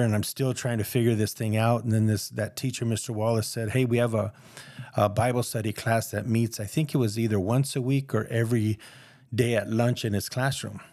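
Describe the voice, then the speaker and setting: A man's voice: mid-range voice, darkish tone, dry recording, clean studio sound. A man sharing his personal testimony in a casual, earnest, rambling way, acting out the voices of people he quotes.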